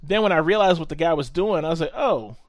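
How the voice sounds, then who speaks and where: A man's voice: a little high, quick pace, no room sound, clean studio sound. Profane, ranting man on a podcast. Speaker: podcast co-host. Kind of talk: casual chat.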